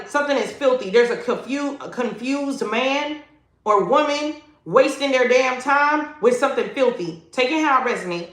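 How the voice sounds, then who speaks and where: Woman tarot reader, high bright voice, emphatic and slangy, echoey room. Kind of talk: livestreamed tarot reading. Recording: echoey room, faint noise.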